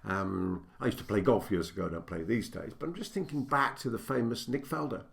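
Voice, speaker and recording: A man's voice: mid-range voice, brisk, gravelly. An older man, a business coach, giving a direct-to-camera teaching talk, stressing his points and building them in repeated lists.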